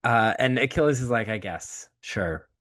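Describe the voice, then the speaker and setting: Man retelling a story with comic voices. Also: medium pitch. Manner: animated storytelling, acts out characters with quick voice shifts; profane, comic. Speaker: podcast co-host. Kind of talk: casual chat.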